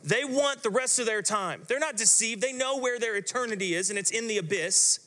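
Man, pastor, higher voice, dramatic storytelling sermon, long hall reverb. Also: a little fast, sharp tone.

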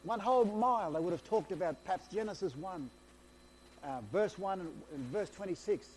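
A man preaching a sermon, retelling scripture in an excitable, storytelling way, often repeating and restarting his phrases. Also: high-pitched, normal speed, a little hiss or hum.

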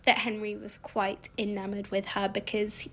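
A woman co-hosting a casual history podcast, telling the story with enthusiasm and answering quickly. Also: medium pitch, monotone, a bit bright. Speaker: podcast co-host.

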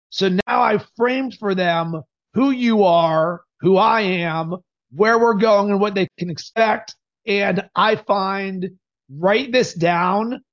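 A man hosting a podcast, coaching in an energetic, emphatic way. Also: sits high, muffled recording.

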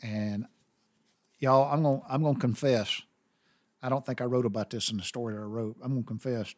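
A man's voice: medium pitch, fairly even intonation, brisk, a little mellow, no echo, studio quality. A middle-aged man with a Southern US accent telling a personal story in a rambling, heartfelt way. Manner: rambling and heartfelt, with many restarts.

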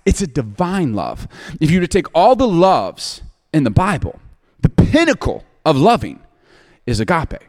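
Forties male pastor, funny and candid, voice swinging widely in pitch. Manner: humorous, self-deprecating, candid; animated, often laughing. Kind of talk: storytelling sermon.

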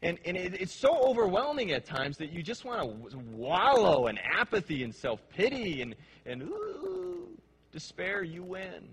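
A male pastor delivers a heartfelt sermon in a slightly high, breathy, husky voice. He moves between quiet, drawn-out phrases and urgent, emphatic stretches as he speaks to his congregation. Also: very animated. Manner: impassioned, swings between hushed and emphatic.

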